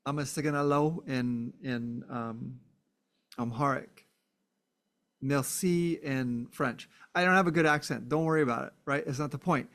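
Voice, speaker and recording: A man's voice: mid-range voice, fairly even intonation, normal speed, a bit bright. A man hosting a podcast, thinking aloud through a philosophical monologue with fillers and frequent "right?" checks. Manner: acts out short exclamations. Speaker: podcast host.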